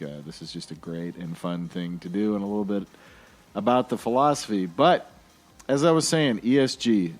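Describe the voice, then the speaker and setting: A man's voice: low-pitched, darkish tone. A man hosting a podcast alone, talking in a casual, jokey and rambling way. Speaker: podcast host.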